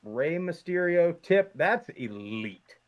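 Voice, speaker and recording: A man's voice: fairly high pitch, big pitch swings, slow pace, lo-fi sound. A man hosting a college football podcast, talking in an upbeat, promotional way. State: voice muffled by a costume mask. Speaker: podcast host. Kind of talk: casual sports chat.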